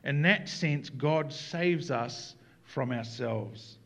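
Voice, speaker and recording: A man preaching a sermon in an earnest way, moving between quiet reflection and animated emphasis. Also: medium pitch, extremely slow, gravelly. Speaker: pastor.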